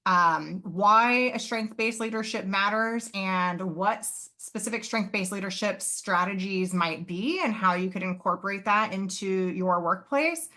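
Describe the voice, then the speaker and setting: A woman's voice: mid-range voice, measured pace, hardly any pauses, pushed and bright. A woman professor giving a live online presentation, explaining earnestly with occasional fillers and self-corrections over a computer mic.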